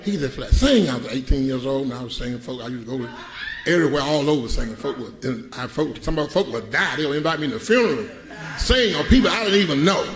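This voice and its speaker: A middle-aged man preaching a sermon, telling a comic story in a folksy, animated way with loud bursts. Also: medium pitch, quick pace, reverberant. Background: congregation laughing.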